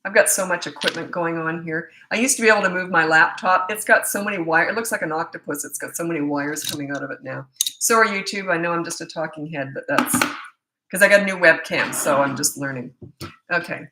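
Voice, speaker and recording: A woman's voice: lowish voice, brisk, background noise. A middle-aged woman parenting coach chatting and telling stories in a live webcam Q&A, laughing often. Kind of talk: live Q&A chat from home on webcam. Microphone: laptop webcam.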